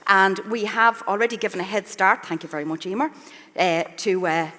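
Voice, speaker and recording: A woman's voice: mid-range voice, brisk, sharp tone. A middle-aged Irish woman chef giving a live cooking demonstration on a festival stage, chatty and self-mocking. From Ireland. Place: festival stage in a large hall. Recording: live hall reverb.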